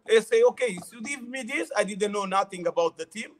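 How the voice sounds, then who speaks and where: A man with a high speaking voice tells his football stories in halting, non-native English. He repeats words, laughs often and keeps the casual tone of a relaxed interview. He sounds middle-aged. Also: a little hiss or hum. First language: not English. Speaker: former footballer, interview guest.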